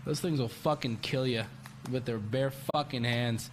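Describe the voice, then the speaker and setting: A man hosting a stream in casual chat, blunt and profane, giggly and high. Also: moderate pace, slight background noise. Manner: profane, blunt, laughs often. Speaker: streamer host.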